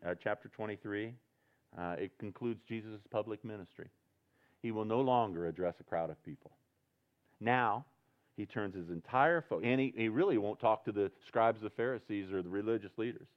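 On a dull lo-fi recording, a male pastor with a lowish voice preaches fairly quickly at a church service. He starts out earnest and conversational, then builds to loud, passionate emphasis.

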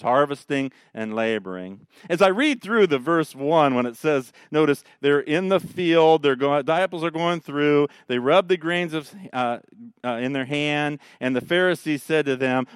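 A male pastor, preaching a sermon in an animated, joking way. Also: mid-range voice, clear, resonant tone, no echo, clean studio sound. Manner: animated, joking storyteller who mocks the Pharisees.

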